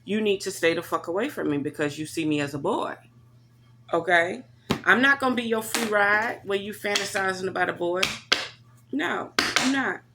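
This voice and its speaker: A woman telling a story to her camera in a blunt, profane, animated rant. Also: mid-range voice, moderate pace, slight background noise. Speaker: vlogger.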